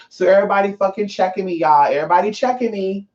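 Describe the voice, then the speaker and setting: A woman vlogger telling stories to her viewers in a casual, profane way, often calling them y'all and jumping up in pitch for emphasis. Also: quick pace. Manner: profane, chatty, keeps addressing viewers as y'all; animated, pitch jumps up for emphasis. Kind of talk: casual storytelling to camera. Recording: slightly dull lo-fi sound.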